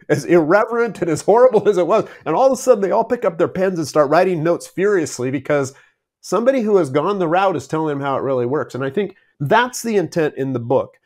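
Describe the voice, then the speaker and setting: A man with a somewhat high voice, a business guest on a podcast, telling anecdotes in an easy conversational way. He chuckles often between points. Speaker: entrepreneur guest. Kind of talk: casual interview chat.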